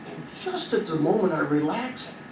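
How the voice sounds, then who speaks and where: Man, 50s, from Iowa, stand-up comic on a cruise ship, high voice, chatty crowd-work storyteller, echoey far-off room sound. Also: very animated, normal speed. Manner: chatty storyteller, quizzes the audience, builds to punchlines. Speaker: stand-up comedian. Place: entertainment venue on a cruise ship. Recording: echoey room heard from a distance with ambient noise.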